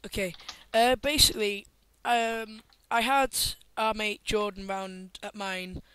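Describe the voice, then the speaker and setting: A man's voice: high-pitched, fairly even intonation, slow pace, pushed and bright, smooth, poor audio. A teenage boy, chatting and telling a story in a jokey manner with lots of laughter. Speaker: podcast co-host. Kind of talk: casual storytelling.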